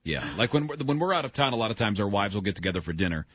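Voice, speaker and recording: A man's voice: lowish voice, sing-song, racing, a bit bright, dry recording. A man hosting a morning radio show, teasing and laughing easily. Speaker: radio host. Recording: dry, dull studio sound.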